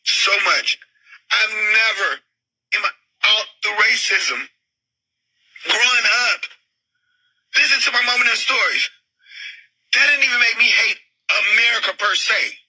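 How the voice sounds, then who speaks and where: Woman, angry profane rant, piercing bright voice with a husky edge. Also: on the high side, expressive, unhurried, pauses often, low-quality recording. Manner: profane, shouting, agitated. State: overheated and upset. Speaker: woman in a viral video. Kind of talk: angry ranting monologue.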